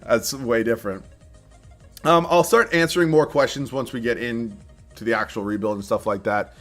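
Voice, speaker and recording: A man's voice: medium pitch, moderate pace, fairly bright tone, faint music behind. Chatty young man streaming a game. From southern Massachusetts. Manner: chatty, thinks aloud, laughs often, reads viewer chat. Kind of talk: casual live-stream commentary.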